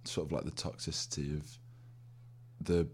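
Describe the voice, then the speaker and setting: A man's voice: very deep voice, flat delivery, moderate pace, darkish tone, slightly rough. A man co-hosting a comedy podcast in a laid-back way, full of fillers and agreeing murmurs. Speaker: podcast co-host. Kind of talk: casual comedy chat.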